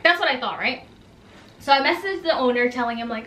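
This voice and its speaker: High bright animated young woman storyteller. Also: fairly quick, reverberant, distant mic. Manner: animated, dramatic, slangy asides. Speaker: storyteller vlogger. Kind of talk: casual storytime narration.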